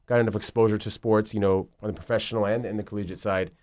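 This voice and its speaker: Speaking quickly in a lowish voice with no room sound, this thirtysomething basketball agent chats casually in an interview. He wanders through his tale animatedly, with lots of profanity.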